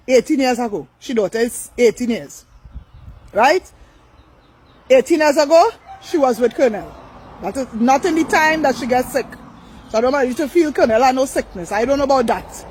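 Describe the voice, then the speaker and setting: A woman's voice: fairly high pitch, a little mellow, slightly rough, rough recording. An older woman, ranting on a live stream, blunt, profane and repetitive. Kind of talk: angry live-stream rant.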